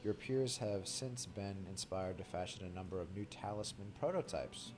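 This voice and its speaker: A polite, formal older gentleman from a fantasy game, read aloud by a male streamer. He speaks in measured, courteous phrases, a touch lower than everyday talk. Game music runs clearly underneath. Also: natural voice. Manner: formal, polite reading of scripted lines.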